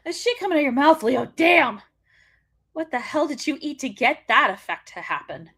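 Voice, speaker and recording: Brief: female host, high sharp voice, foul-mouthed ranting commentary with frequent laughter. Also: very animated, fast. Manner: profane, ranting, laughs often. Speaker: wrestling show host. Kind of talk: casual livestream commentary.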